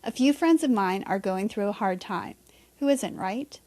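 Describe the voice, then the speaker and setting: A woman hosts a reflective solo podcast, speaking candidly and conversationally with some mild swearing. Her mid-range voice is slightly mellow, with lively intonation and a normal pace.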